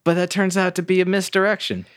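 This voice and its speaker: A man co-hosting a podcast, telling movie plot points in a relaxed, chatty way with filler words. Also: high-pitched, fast talker, dry recording, clean studio sound. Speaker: podcast co-host. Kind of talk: casual movie review chat.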